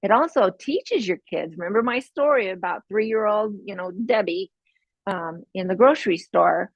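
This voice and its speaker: Husky-voiced woman podcast host, chatty. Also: mid-range voice, moderate pace, dry recording, highs cut off. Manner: chatty, ends points with "right?" and laughs often. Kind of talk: casual parenting talk.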